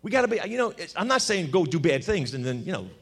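A man preaching a sermon, telling stories with acted-out quotes and a lively, punchy delivery. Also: on the high side, fast, gravelly, breathy edge. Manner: animated storytelling with acted quotes. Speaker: pastor.

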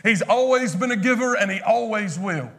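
A man's voice: sits high, lively intonation, moderate pace, fairly bright tone. A man preaching a sermon in a conversational way, acting out lines of scripture figures as he goes.

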